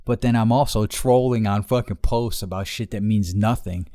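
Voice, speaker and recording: A man's voice: lowish voice, mellow, dry recording, studio quality. A man in his thirties, a podcast host telling a story in casual, profane talk and laughing as he goes. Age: 30s. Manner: profane, laughing, fast retelling.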